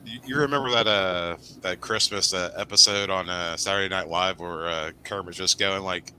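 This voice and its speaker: A man's voice: low voice, moderate pace, bright, forceful tone, a little hiss or hum. A man who is a guest on a casual live-stream chat, giggling often and breaking into hummed or scatted tunes. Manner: giggly, hums and scats tunes.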